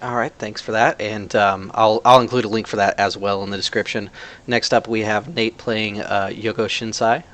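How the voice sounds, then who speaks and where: A man with a fairly low voice runs a tabletop game and introduces each player. He talks in a relaxed, chatty way, pausing often on fillers. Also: dull audio. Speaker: game master and channel host. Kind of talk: casual introductions.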